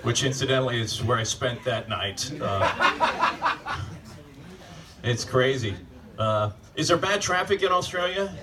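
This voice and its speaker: A man's voice: mid-range voice, animated, measured pace, pauses often, recorded from a distance. A man doing a stand-up comedy set in a club, ranting sardonically and profanely and firing rhetorical questions at the crowd. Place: live comedy club stage.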